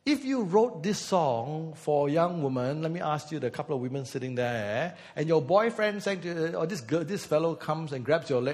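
A man's voice: fairly high pitch, animated, moderate pace, few pauses, darkish tone, big-room sound. A male pastor giving a conversational sermon, teasing the congregation and breaking into bits of song. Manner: conversational, teasing the congregation, sings snatches of songs.

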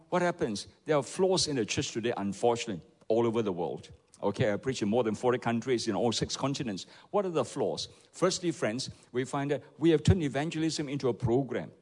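A man preaching a sermon, animated and peppered with "okay" and "isn't it". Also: medium pitch. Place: church hall. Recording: echoey church hall.

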